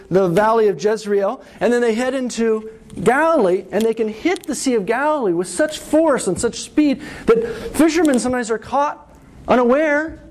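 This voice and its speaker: A middle-aged man preaching a sermon, telling a story with lively rises and falls and often asking "right?". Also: very high-pitched. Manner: animated storytelling, asks "right?".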